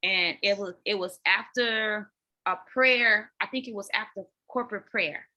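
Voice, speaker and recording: A woman guest on a podcast, candidly telling her personal story in an animated way, often talking straight to listeners and repeating words as she goes. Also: mid-range voice, unhurried, muffled recording. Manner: animated, addresses listeners as y'all, repeats words when emotional. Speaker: podcast guest, dance fitness coach.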